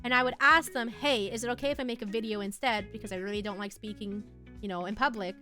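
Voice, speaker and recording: A woman's voice: mid-range voice, fairly even intonation, quick pace, pushed and bright. A young woman streaming, chatting casually and giggling as she reads and answers her chat. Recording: faint music behind.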